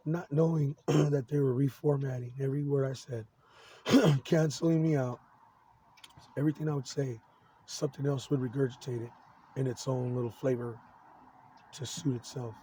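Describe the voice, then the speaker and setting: A man in his forties rambles through a personal monologue in a mellow, unbright voice. He swears nearly every line and trips over his own restarts, sounding worked up, with a faint hiss of noise behind him. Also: medium pitch, steady tone, low-quality recording. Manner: profane, agitated, halting with many restarts.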